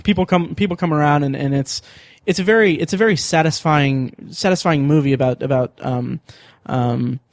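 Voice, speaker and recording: A man with a slightly high voice hosts a podcast, rambling eagerly with lots of ums and self-corrections. The sound is close and dry, with no room in it. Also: moderate pace, few pauses, dry recording. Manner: rambling, excitable, many fillers and restarts. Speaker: podcast host. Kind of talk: casual chat.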